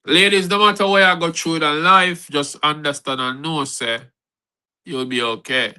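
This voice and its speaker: A man hosts a spoken word livestream, his voice bright and somewhat high for a man. He talks in an animated way and mixes in patois phrases. The sound comes through a video call mic. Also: normal speed, clear, resonant tone, low-quality recording. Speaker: host.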